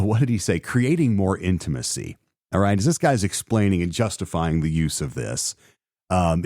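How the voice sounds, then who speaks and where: A man's voice: low voice, darkish tone, no room sound, clean studio sound. A man hosting a solo podcast in a chatty way, often stopping himself mid-sentence and reading news articles aloud. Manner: chatty, self-interrupting with fillers and restarts. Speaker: podcast host.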